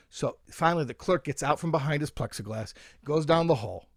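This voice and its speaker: A man tells a winding story in an interview, his pitch leaping and dropping as he plays out both sides of an exchange. The recording is close and dry, with no room sound. He sits a touch higher than most men and talks like a self-described nervous type. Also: fairly quick, few pauses, dry recording. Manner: lively anecdote-telling, acting out dialogue with laughs. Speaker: rabbi and author, guest. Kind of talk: animated storytelling in a podcast interview.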